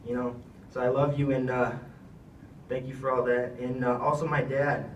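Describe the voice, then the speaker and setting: A man's voice: medium pitch, level tone, moderate pace, far from the mic, a little hiss or hum. Young man, earnest farewell speech, rambling, fillers; off-mic in an echoey room. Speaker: retiring wrestler giving a thank-you speech. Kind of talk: heartfelt speech.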